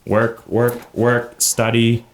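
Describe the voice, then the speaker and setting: A man's voice: mid-range voice, monotone, slow. A man on a podcast as a guest, giving earnest, motivational business advice and repeating phrases for emphasis. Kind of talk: casual podcast chat.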